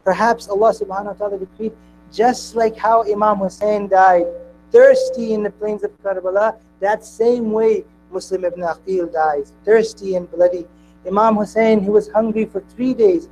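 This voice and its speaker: Mourning sermon voice, telling it with real grief, some quiet music in the back. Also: medium pitch, steady tone, moderate pace, low-quality recording. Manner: grieving, impassioned storytelling. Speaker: speaker at a mourning gathering.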